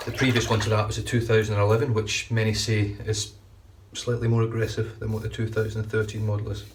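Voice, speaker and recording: A shaving vlogger talks fast in a fairly low, level voice, rambling casually as he shaves his head and often restarting his sentences. It's a relaxed running commentary picked up by a distant mic, with faint noise in the background.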